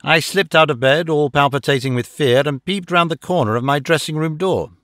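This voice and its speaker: A man narrating a classic detective story as an audiobook, reading in a measured, dramatic first-person way into a close microphone. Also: a little high, a bit bright, no room sound. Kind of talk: scripted narration.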